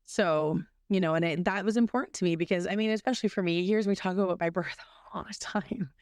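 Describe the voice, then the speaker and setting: Earnest woman sharing her story, smooth voice. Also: lowish voice, quick pace, dry recording, clean studio sound. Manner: earnest, many restarts, animated when quoting others. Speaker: podcast guest. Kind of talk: candid personal storytelling.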